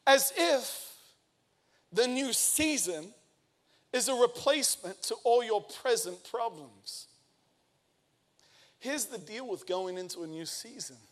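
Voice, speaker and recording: Energetic male pastor telling a story. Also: high-pitched. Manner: energetic storytelling, acts out quotes. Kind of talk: sermon with personal story.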